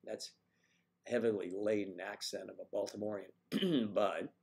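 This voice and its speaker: Low gravelly-voiced American man chatting. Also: fairly even intonation, a little slow, a little mellow. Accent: mid-Atlantic American. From mid-Atlantic United States. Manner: rambling, playful, tries out accents. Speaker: livestream host. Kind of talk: casual livestream chat.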